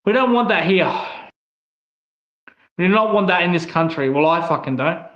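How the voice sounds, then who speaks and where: A man's voice: sits high, expressive, moderate pace, a bit bright. Heated, sweary Australian man ranting. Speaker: online commentator. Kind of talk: angry opinion monologue. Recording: echoey, slightly dull room sound.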